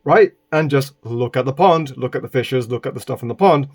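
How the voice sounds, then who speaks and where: A man raised in Britain, recording a casual vlog indoors. He rambles through a personal story at a middle pitch, leaning on "right?" to keep the listener with him. Exasperated asides break into the telling. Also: a little fast, a little mellow. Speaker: vlogger.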